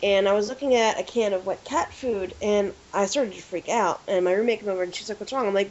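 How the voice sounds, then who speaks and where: Woman, casual podcast chat, animated storytelling, lo-fi recording, light hiss. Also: mid-range voice, a little fast. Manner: animated storyteller, acts out quotes. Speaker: podcast co-host. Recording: lo-fi with faint hiss.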